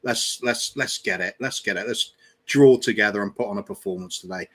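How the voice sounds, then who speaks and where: Low-voiced eager man on a fan panel. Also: brisk, fairly bright tone. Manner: eager, stumbles and restarts words. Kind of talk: casual livestream chat.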